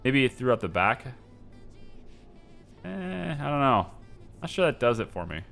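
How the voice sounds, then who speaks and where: A man's voice: medium pitch, big pitch swings, measured pace, gravelly, a bit bright, faint music behind. A man giving casual gameplay commentary, rambling, indecisive and poking fun at himself as he decorates. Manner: rambling, indecisive, self-mocking. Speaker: gameplay streamer.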